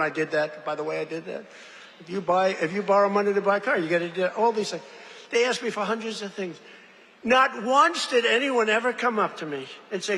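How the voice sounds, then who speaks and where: Male rally speaker, high-pitched and tense, loose and meandering delivery, booming hall reverb. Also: a little fast, sharp tone. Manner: rambling, digressive, repeats phrases; jokey asides to the audience. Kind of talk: off-the-cuff rally speech. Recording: long hall reverb, faint background noise.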